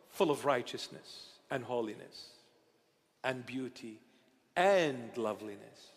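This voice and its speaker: A bishop giving a sermon, tender and playful in how he talks, now and then rising into loud outbursts, recorded in a church. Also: medium pitch, expressive, slow pace, husky. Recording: church hall reverb.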